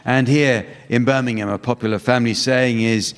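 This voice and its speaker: A man hosting a comedy panel game on stage before a live audience, dry and deadpan. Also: medium pitch, a little fast, few pauses. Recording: reverberant hall, loud noise.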